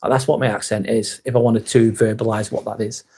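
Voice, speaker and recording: A man's voice: lowish voice, little pitch movement, brisk, mellow, breathy edge. A man with a Lancashire accent hosting a casual live stream, talking bluntly and candidly, swearing now and then and reading out viewer comments. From northwest England.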